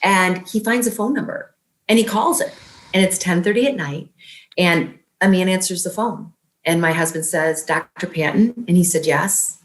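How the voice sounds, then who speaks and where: A woman guest telling an emotional personal story in earnest, quoting what was said back and forth. Her voice sits a little low, and it carries a roomy echo. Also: moderate pace. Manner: emotional, earnest, retells events with quoted dialogue. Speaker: interview guest.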